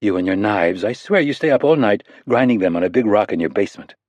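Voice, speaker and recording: A man voicing a lively, teasing young woman, raising his pitch for her. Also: fast, no room sound. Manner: teasing, playful.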